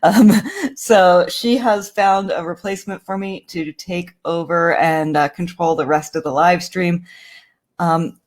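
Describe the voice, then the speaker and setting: A woman's voice: on the low side, fairly even intonation, unhurried. Tired woman hosting a livestream. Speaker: livestream host.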